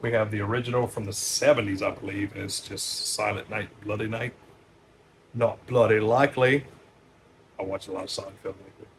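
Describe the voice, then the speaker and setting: A man running casually through a stack of movies as a store owner, loose and profane, with many fillers and sudden louder bursts on each title. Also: fairly low pitch, level tone, fast, hardly any pauses, noisy background.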